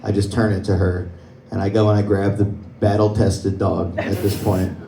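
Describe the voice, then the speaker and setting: A man's voice: fairly low pitch, flat delivery, normal speed, background noise. A young man doing a stand-up comedy set on a club stage, telling stories conversationally and laughing at his own jokes. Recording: roomy club sound, mic from a distance.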